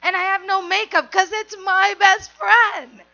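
A woman telling a candid personal story in an animated, confessional way, on a dull lo-fi recording. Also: extremely high pitch, measured pace, gravelly.

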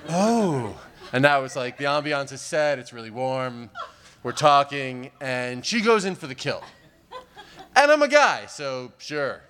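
A man's voice: mid-range voice, sing-song, a little slow, a bit bright. A man doing stand-up comedy, telling a long story in a rambling, wry way with many fillers.

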